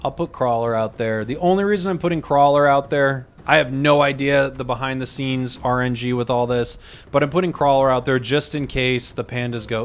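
A young man talks through his game in a loose, chatty way, breaking off mid-thought and muttering to himself. His voice sits at an ordinary middle pitch. Faint music plays underneath. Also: brisk, smooth. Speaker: game commentator. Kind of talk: casual gameplay commentary.

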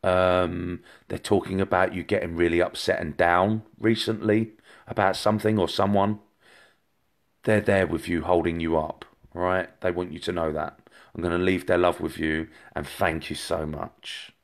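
A man's voice: sits low, fairly even intonation, moderate pace, vocal fry. A man giving a rambling live-streamed psychic reading, talking straight to viewers with many fillers and restarts. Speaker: psychic medium.

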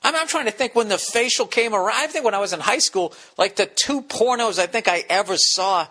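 Bright-voiced profane comedian rambling. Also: male voice, high voice, animated. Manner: profane rambling storytelling with quick restarts. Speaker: podcast host. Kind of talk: casual comedic monologue.

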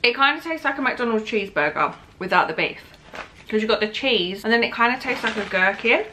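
A woman's voice: fairly high pitch, expressive, fairly quick, sharp tone, slight background noise. A young woman, tired and heavily pregnant, chatting candidly through a snack taste test and talking while she eats. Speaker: vlogger. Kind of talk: casual taste-test vlog.

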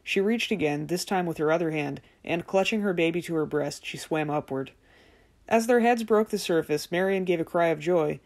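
A woman narrating a fairy tale audiobook in a measured, gentle storytelling manner. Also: on the low side. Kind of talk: scripted narration.

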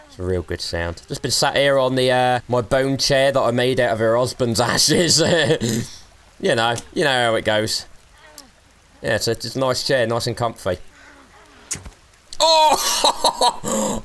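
A man's voice: mid-range voice, moderate pace, a bit bright. A young man giving let's play commentary, cheeky and taunting, laughing often. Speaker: gaming streamer.

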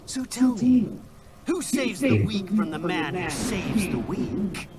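Slow, sneering cyborg villain, big swoopy voice, loud game music under it. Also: male voice, sits high, lively intonation, over a noisy crowd. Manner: preachy, sneering, theatrical. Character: menacing male cyborg villain philosopher. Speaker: game character. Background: loud game soundtrack.

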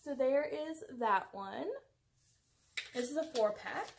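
Gushing excitable woman unboxing gifts. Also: high voice, slow, creaky, slight background noise. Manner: gushing and excitable, gasps and laughs often. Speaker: unboxing vlogger. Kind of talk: casual unboxing chat.

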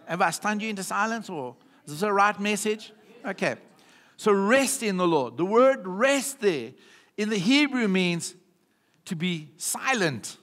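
A South African man preaches with emphatic repetition, pausing often to check in with his congregation. His voice sits somewhat high for a man. The recording carries the long reverb of a church hall. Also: very animated, fairly bright tone. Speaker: pastor. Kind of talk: sermon.

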